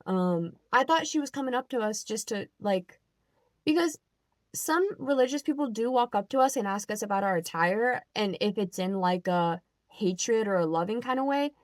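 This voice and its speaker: A young adult woman telling a story in a casual, animated rant, with lots of "like" and "um" and an exasperated edge. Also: mid-range voice, moderate pace, no echo. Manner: animated, filler-heavy, exasperated. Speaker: vlogger.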